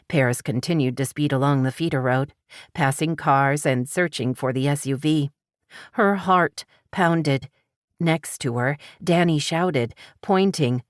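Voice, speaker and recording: A woman narrating an audiobook in a steady, dramatic storytelling manner. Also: sits low, unhurried, no room sound, clean studio sound.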